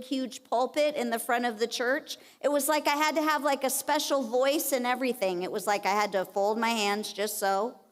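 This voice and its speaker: A woman giving a conversational, animated sermon at a church women's conference and acting out the lines she quotes. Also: a little high. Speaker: conference speaker. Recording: long reverb of a church hall.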